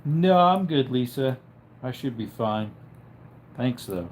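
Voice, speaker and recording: A tired man with a headache, lying in bed at home and chatting casually on a livestream while reading out viewer comments in a low-key, drowsy way that trails off. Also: expressive, slow pace, slight background noise. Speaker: livestream host.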